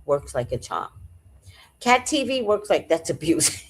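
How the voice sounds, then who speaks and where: A woman hosting a livestream in casual chat, telling stories in an animated, profane way and answering viewers. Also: low-pitched, a little slow, slightly rough. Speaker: livestream host reading chat.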